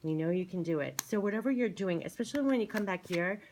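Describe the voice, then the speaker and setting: Woman, low voice, card reading, soothing, repeats herself, faint card shuffling behind. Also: expressive, fast, darkish tone, slight background noise, rough recording. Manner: soothing, gushing, repeats phrases. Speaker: tarot and oracle card reader. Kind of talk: spiritual card reading monologue. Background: shuffling cards.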